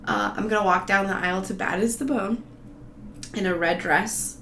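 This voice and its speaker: A woman's voice: medium pitch, normal speed, creaky, a bit bright. A woman talking in a loose, meandering, profane way, giggling as she vlogs casually to her viewers. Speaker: vlogger. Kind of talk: casual rambling monologue. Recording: roomy echo, faint background noise.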